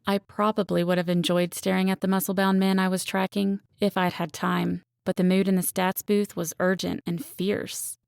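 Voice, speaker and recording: Woman reading a romance audiobook, wry and self-aware, pretty flat delivery, gravelly voice, dry close mic. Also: mid-range voice, normal speed, hardly any pauses, no room sound. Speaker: audiobook narrator. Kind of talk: first-person romance audiobook narration.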